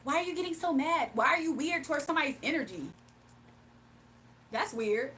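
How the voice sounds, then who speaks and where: Bright, high-pitched woman streamer; sassy, exasperated rant at chat, faint background hum. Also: lively intonation, brisk. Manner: sassy, exasperated, talks back to chat comments. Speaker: livestream host reading chat. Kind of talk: casual livestream rant.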